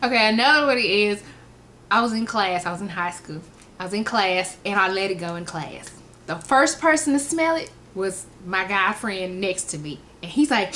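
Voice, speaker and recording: A woman, telling funny personal stories in an animated way and acting out the quotes. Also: medium pitch, normal speed, a little hiss or hum. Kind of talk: casual storytelling vlog.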